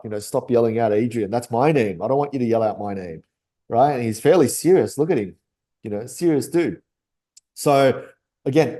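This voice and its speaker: Male memory coach. Relaxed, mellow tone. Talks casually and keeps checking in with listeners. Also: medium pitch. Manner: chatty, keeps asking "right?", laughs often. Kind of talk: casual teaching talk.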